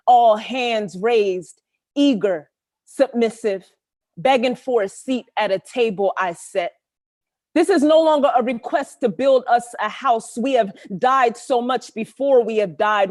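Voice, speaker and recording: A woman's voice: mid-range voice, dry recording, clean studio sound. New Jersey woman reading poetry aloud. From Camden, New Jersey. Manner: rhythmic, emphatic verse delivery between relaxed, halting chat. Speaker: poet. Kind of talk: spoken-word poetry reading with casual asides. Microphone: video call.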